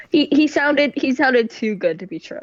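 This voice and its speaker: A woman's voice: sits high, no echo, highs cut off. A woman player chatting casually and giggling during a tabletop game. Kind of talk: casual chat while playing.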